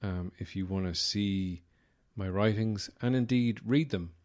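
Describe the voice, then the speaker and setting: A man's voice: lowish voice, measured pace, a little mellow. An Irish man hosting a podcast, rambling through a wry comic monologue with lots of fillers. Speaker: podcast host. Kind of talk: casual comedic monologue.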